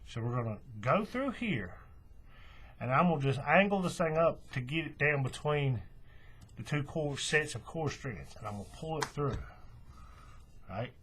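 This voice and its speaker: A man explaining a craft step by step in a relaxed, folksy way. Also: on the high side, normal speed, pauses often, slight background noise. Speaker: craft tutorial host. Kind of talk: hands-on tutorial walkthrough.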